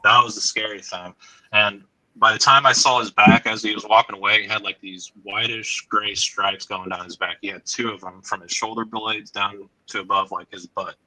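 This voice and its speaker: A man telling a woodland encounter story on a podcast, halting and full of fillers, sometimes choked up and dropping quiet. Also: fairly low pitch, steady tone, no room sound, poor audio. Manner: halting, frequent "like" fillers, drops to quiet asides.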